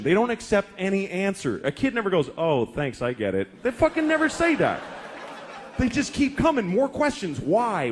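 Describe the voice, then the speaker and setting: Man in his 40s, stand-up comic, swinging pitch, swears a lot, exasperated storytelling. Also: slight background noise. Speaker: stand-up comedian. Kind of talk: stand-up comedy.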